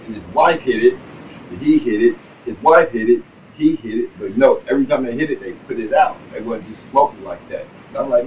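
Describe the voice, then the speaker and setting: A man's voice: animated, a little fast. Rambling, profane storyteller man. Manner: profane, rambling, peppered with "you know what I'm saying"; swings between loud bursts and low muttering. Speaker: vlogger telling a life story. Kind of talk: casual storytelling monologue. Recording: distant mic with faint background noise.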